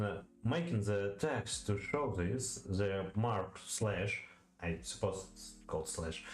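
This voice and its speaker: A man with a Russian accent reads poetry lesson notes aloud and thinks aloud, halting often with fillers and repeating words to practice saying them. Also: deep voice, echoey room. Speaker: language learner studying poetry. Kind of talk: reading aloud and thinking aloud while studying.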